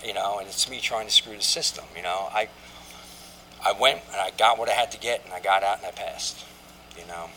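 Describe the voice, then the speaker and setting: A man tells his own story candidly, pausing, restarting and circling back as he reflects. His voice sits fairly low yet has a forceful, bright edge. A faint hum of traffic runs behind him. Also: rough recording. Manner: halting and reflective, with frequent "you know" and restarts. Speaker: person sharing his life story. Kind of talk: candid personal testimony.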